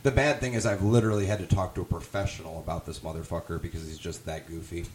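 Young male podcast guest, very low voice, loose profane storyteller, faint background noise. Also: fairly even intonation, fast talker. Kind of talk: casual chat.

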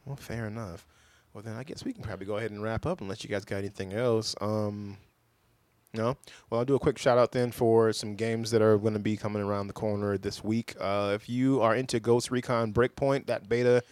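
A man's voice: on the low side, fairly even intonation, brisk, a little mellow, no echo. A man hosting a podcast, chatting casually and laid-back, swearing often and teasing his co-hosts. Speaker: podcast host.

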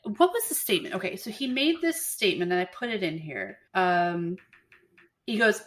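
A woman in casual podcast chat, retelling a story with animated acted-out quotes and a bit of swearing. Her voice sits at an ordinary middle pitch. She talks loosely, with lots of fillers. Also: normal speed. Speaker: podcast co-host.

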